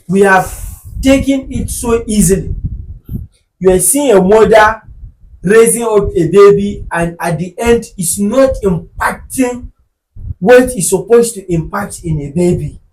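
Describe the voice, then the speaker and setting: A man with a Nigerian accent hosting a podcast in casual chat, joking and animated, sometimes bursting into shouts. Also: sits high, low-quality recording. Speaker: podcast host.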